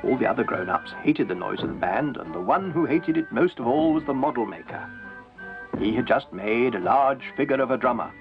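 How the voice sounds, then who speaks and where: A man narrating a children's story in a gentle, measured way, with a gravelly, husky voice. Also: medium pitch, lively intonation. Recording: tinny lo-fi 1970s TV audio with faint music.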